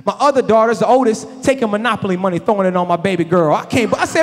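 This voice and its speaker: Guy doing standup, tells stories loose and chatty, voice sits really high, lots of hall echo. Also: fast, hardly any pauses, some chatter behind, slight background noise. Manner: animated, conversational, loose Southern-inflected slang. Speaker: stand-up comedian. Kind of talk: stand-up comedy storytelling. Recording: echoey hall.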